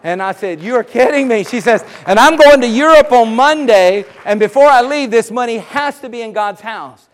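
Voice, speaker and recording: A man pastor telling a story in a sermon, animated and breaking into praise. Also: very high voice, moderate pace, hardly any pauses. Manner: animated, rises to exclamations of praise.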